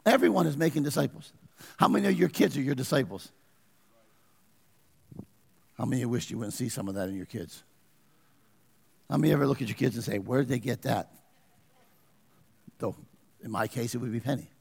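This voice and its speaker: A man's voice: mid-range voice, animated, a little fast, vocal fry, long pauses, slightly rough, big-room sound. A man preaching a sermon as pastor, asking his congregation questions and pressing his points. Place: church.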